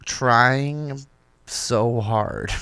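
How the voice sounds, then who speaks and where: A man's voice: mid-range voice, expressive, drawn-out words, a bit bright, slight background noise. A man co-hosting a casual talk show, laughing and trading crude jokes. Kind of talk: casual joking chat.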